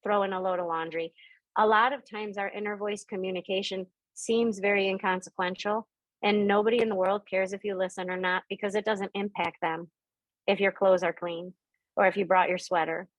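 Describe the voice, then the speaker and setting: The audio is poor and dry as a middle-aged woman talks briskly in a flat delivery on a video call. Teaching about spirit and intuition, she draws on personal stories and imitates the people in them with big pitch jumps.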